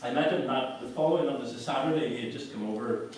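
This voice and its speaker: Heard from a distance in an echoing lecture hall with slight background noise, a male guest speaker with a medium-pitched voice talks quickly. His anecdotal public talk is wry, conversational, and full of self-mocking storytelling.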